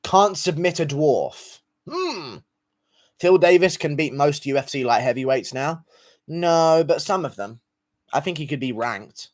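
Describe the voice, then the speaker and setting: A man's voice: fairly high pitch, moderate pace. A young man livestreaming, reading out donations in crude, profane, mocking banter. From England. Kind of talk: casual live-stream chat.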